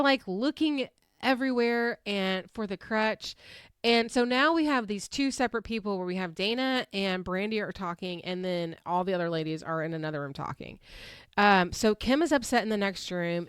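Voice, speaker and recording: A woman's voice: medium pitch, clean tone, no room sound, studio quality. A woman hosting a podcast recap, chatting casually, laughing often and acting out quotes. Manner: animated, laughs often, acts out quotes in shifted voices. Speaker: podcast host recapping a reality show. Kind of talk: casual chat.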